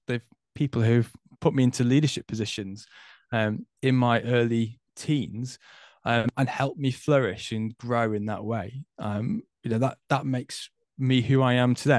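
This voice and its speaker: A man's voice: medium pitch, darkish tone, no room sound. Thoughtful man, dry close sound. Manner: thoughtful, hesitant, many fillers. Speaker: guest. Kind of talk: reflective conversation about faith.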